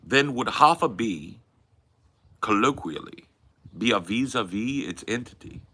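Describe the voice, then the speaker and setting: A man's voice: fairly low pitch, animated, measured pace, bright, forceful tone, breathy edge, exaggerated voice. A man putting on a British accent, playing a pompous erudite pundit. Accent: British (put on). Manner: pompous, mock-philosophical.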